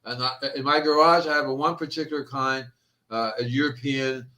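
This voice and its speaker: A man hosting a gardening show, chatting casually and telling animated stories that he acts out. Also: mid-range voice, fairly quick. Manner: animated storyteller, acts out quotes. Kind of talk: casual podcast chat.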